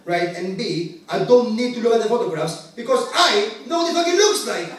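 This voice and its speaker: A man in his late twenties doing a stand-up set from a club stage, with brash, profane, animated storytelling. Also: very high-pitched, fairly quick. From Greek family. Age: late 20s. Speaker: stand-up comedian. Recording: echoey venue heard from a distance. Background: audience laughter.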